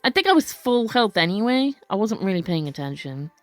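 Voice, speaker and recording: A woman's voice: mid-range voice, big pitch swings, a little fast, no echo, faint music behind. A woman narrating a story game in a casual, chatty way, reading aloud and often correcting herself. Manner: chatty, self-correcting, stumbles over words. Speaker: let's play narrator.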